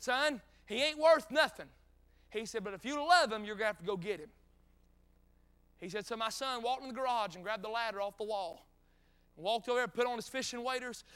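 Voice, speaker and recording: A man's voice: high-pitched, smooth. A middle-aged man with a North Carolina Southern accent, preaching a folksy revival sermon full of stories and joking asides. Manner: folksy, joking asides, rising to shouted peaks.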